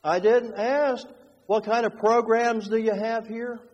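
A man preaching a sermon, moving between hushed, slow passages and fervent, rising ones. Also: very high voice, little pitch movement, highs cut off. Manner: dynamic, swings from hushed to fervent. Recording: long hall reverb.

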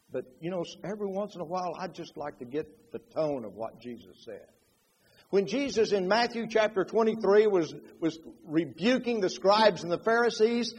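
Preacher, male, high and lively delivery, long hall reverb. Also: slight background noise. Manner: animated, dramatizes quotes with shifting loudness. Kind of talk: sermon.

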